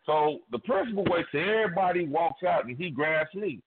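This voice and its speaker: A man telling a raunchy story on a radio show, his pitch jumping all over as he acts out the other people. The sound is thin and phone-like, and the voice is a little husky and raised. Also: brisk. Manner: profane, animated, acts out voices in his stories. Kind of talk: crude comedic storytelling. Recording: phone-like band-limited radio audio.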